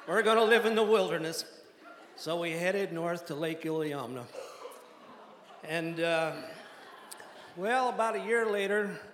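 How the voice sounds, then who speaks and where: A man's voice: a little high, a bit bright. Older man telling a wry story. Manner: wry, self-deprecating, laughs through lines. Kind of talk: live storytelling to an audience. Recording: echoey hall with long reverb.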